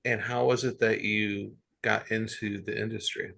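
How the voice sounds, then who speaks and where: A man's voice: fairly low pitch, little pitch movement, normal speed, gravelly, bright, forceful tone, dry recording. A man hosting a podcast, steering the talk with questions for his guests. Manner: guiding, asks questions. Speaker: podcast host. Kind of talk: casual podcast chat.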